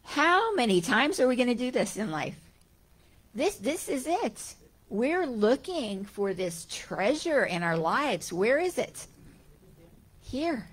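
A middle-aged woman giving a gentle, conversational spiritual talk, full of rhetorical questions and small restarts. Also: fairly high pitch, very animated, takes it slowly, husky. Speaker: spiritual teacher. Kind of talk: talk on Vedanta teaching.

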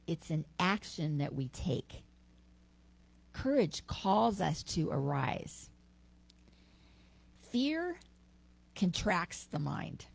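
A woman minister delivering a sermon with expressive, emphatic storytelling. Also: lowish voice, creaky.

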